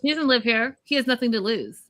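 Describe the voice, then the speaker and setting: A woman's voice: on the high side, a little fast, very noisy. A woman co-hosting a casual recap chat, blunt and opinionated, mocking people by quoting them in put-on voices. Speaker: podcast co-host.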